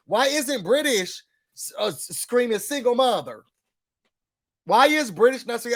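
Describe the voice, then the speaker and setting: A man with a notably high voice chats through a reality show recap in a casual, sassy way. He gets animated and hammers points home by repeating words. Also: measured pace, long pauses.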